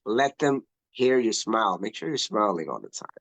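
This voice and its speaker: A man coaching on social media in a casual online talk, emphatic and animated, often repeating himself for effect. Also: on the low side, normal speed, crowd noise. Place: online video call. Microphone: video call.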